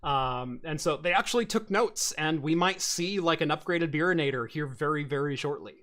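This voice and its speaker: A man hosts a casual tech podcast with a bright, forceful voice pitched a bit high. He rambles animatedly through stories, with plenty of fillers and restarts. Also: moderate pace. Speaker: podcast host.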